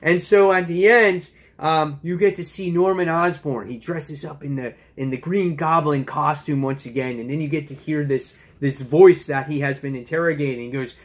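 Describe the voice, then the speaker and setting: Chatty man reviewing comics, slightly high voice. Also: steady tone, moderate pace, hardly any pauses. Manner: enthusiastic, chatty with many fillers. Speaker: comic book reviewer, channel host. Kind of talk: casual review vlog.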